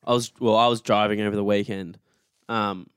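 A man's voice: lowish voice, flat delivery, a little fast, smooth, no echo, studio quality. A young man with an Australian accent, co-hosting a podcast with teasing banter and frequent restarts. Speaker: podcast co-host. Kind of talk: casual chat.

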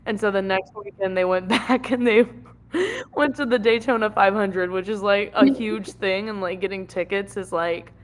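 A woman's voice: medium pitch, fairly even intonation, moderate pace. A young woman co-hosting a podcast, telling rambling stories in casual chat and giggling often. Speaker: podcast co-host.

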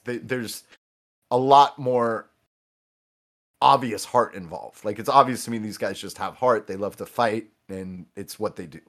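A man's voice: on the low side, unhurried. A man in his thirties, swearing freely and stopping often to restart as he tells fighting stories in a casual podcast chat. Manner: animated, profane, with many restarts and quoted voices. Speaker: podcast guest.

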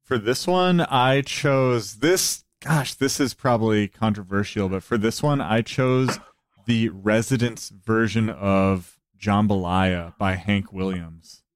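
Low-voiced laid-back male musician guest. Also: takes it slowly. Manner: relaxed, heavy use of "like" fillers. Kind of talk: casual podcast chat.

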